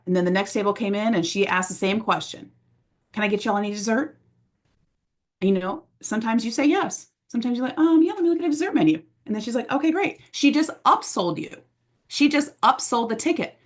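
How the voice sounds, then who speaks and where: A woman coaching a sales team in an energetic, chatty way. She keeps breaking into short, bright, high-pitched voices to act out scenes, and her speaking pitch sits in an ordinary middle range. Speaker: sales trainer. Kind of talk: motivational training talk. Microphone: presenting to a camera audience.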